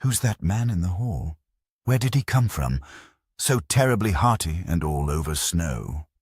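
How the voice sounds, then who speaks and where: A giddy young man with a shrill, excitable voice, as a deep-voiced male narrator puts him on. He pitches up and chatters quickly in a mystery audiobook. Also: husky, dry recording, studio quality, full character voice. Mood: excited.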